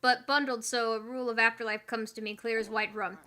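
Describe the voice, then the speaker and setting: A woman's voice: fairly high pitch, little pitch movement, fairly quick, bright, forceful tone. A woman voicing an old ghostly parrot sea captain with a pirate accent and a growly sea-dog drawl. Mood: wistful.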